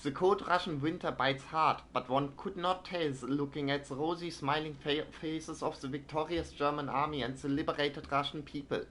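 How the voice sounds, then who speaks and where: Mid-stream, a man with a fairly high, steady, slightly bright voice reads printed game text aloud plainly at a moderate pace, hardly pausing, then muses about it. His dry, wry asides wander and stall on fillers and restarts, with a light hiss in the background.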